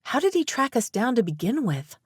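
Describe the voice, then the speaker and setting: A spirited young heroine with a quick temper, as a woman narrator voices her, speaking emphatically in a raised, brighter tone. The recording is dry and close, with no room sound. It has the feel of a storybook reading. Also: fairly high pitch, sing-song, husky, no echo, pitched above the performer's own voice. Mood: worried.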